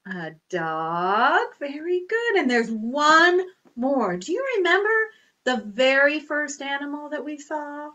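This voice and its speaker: High, bright-voiced woman leading a children's storytime. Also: slow. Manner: sing-song, exaggerated and animated for small children. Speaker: children's librarian.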